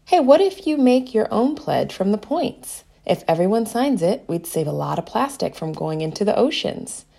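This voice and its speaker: A woman's voice: medium pitch, very animated, moderate pace, gravelly, mellow, pitched above the performer's own voice. A woman voicing a friendly, eager young boy in a children's story who chats cheerfully with his friend. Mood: upbeat.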